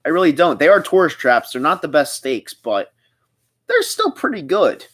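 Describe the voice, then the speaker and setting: A man's voice: on the high side, huge pitch swings, normal speed, a bit bright. A young man from the Philadelphia area hosting a casual livestream, rambling as he reads out viewer comments and answers them. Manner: chatty, rambling, reads chat aloud. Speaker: livestream host. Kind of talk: casual live chat reading comments.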